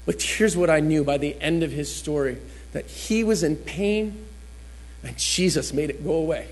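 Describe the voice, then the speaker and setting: A man's voice: on the high side, moderate pace, a little mellow. A man giving a personal testimony in a church, telling his story vividly and acting out what people said. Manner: storytelling, acts out quotes with shifting voice. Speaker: guest speaker giving testimony.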